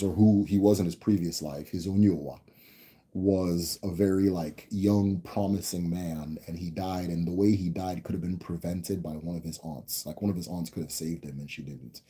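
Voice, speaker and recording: A man's voice: sits low, mellow, slightly rough. A man hosting a live stream, telling a family story in a rambling, casual way, with lots of restarts and tag questions. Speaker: host answering viewer questions.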